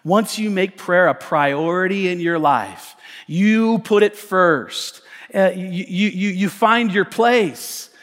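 A man with an American accent preaching a conversational, animated sermon as pastor, often repeating words and acting out voices. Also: high-pitched, takes it slowly. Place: church sanctuary. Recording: church hall reverb with music behind. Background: soft instrumental music.

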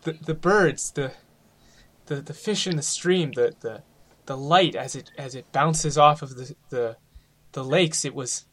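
A man doing a scheming scholar who gushes with staged sincerity in a tabletop game. He speaks slowly and earnestly, with a slightly raised pitch. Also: fairly bright tone. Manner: effusive, overly earnest. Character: scheming male scholar feigning sincere reform.

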